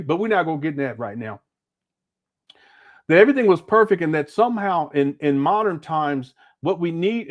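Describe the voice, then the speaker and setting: A man hosting a reaction stream, sarcastic and exasperated as he talks back to a clip. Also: a little high. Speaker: commentary streamer. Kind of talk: reaction commentary.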